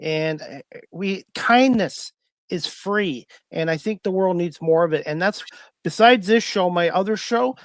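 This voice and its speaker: A man's voice: sits high, a little slow, no room sound. A man hosting a podcast, asking questions and sharing his views in an earnest, hesitant way, with many fillers. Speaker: podcast host. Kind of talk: casual interview hosting.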